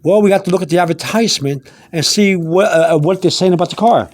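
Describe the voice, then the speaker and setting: A man's voice: sits high, quick pace, a little mellow, dry recording. A man giving a casual spoken language lesson, repeating himself with many fillers and restarts. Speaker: language teacher.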